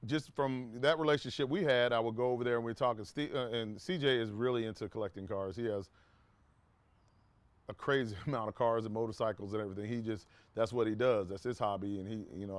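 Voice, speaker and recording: Speaking fairly quickly in a lowish, steady voice, a man casually tells his viewers a personal story, rambling with restarts and asides. He acts out quoted dialogue in a raised voice, and there's no room sound.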